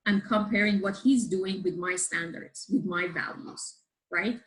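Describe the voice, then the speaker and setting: A woman who is a guest on a show, explaining a book's ideas to a live group in a lively way and often asking her listeners questions. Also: on the low side, measured pace, rough recording. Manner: lively, checks in with listeners, asks the audience questions.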